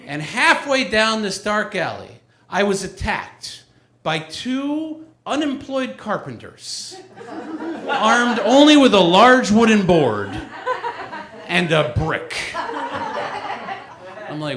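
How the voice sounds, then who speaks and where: Animated stand-up comedian over audience laughter. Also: male voice, high voice, takes it slowly, long pauses, roomy sound, crowd noise. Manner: animated storytelling with acted-out quotes. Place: live comedy venue. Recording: live room with loud audience laughter.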